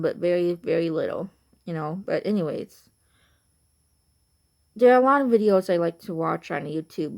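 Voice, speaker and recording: A woman's voice: lowish voice, vocal fry, a little mellow. A young woman with a Chicago accent, just woken up and tired, chatting to camera in a rambling way full of fillers. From Chicago, Illinois. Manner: rambling, many fillers like "like" and "you know". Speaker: vlogger. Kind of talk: casual rambling chat to camera.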